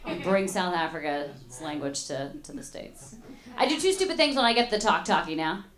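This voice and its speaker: A woman's voice: lowish voice, expressive, normal speed, fairly bright tone. A young woman doing a stand-up comedy set in a club, chatty and playful with the audience. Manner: chatty, playful crowd work. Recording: roomy club sound with audience laughter. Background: audience laughing.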